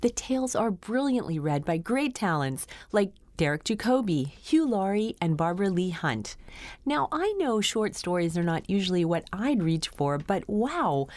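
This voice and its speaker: A woman's voice: mid-range voice, very animated, moderate pace, a little mellow, no echo. A woman announcer reading a scripted promo with an enthusiastic, promotional delivery.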